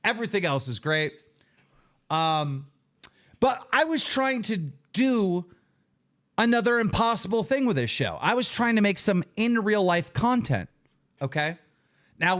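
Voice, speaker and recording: Host, male, high lively voice, furious profane rant that keeps breaking into shouts. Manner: profane, heated, bursts into shouting. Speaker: show host. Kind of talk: angry livestream rant.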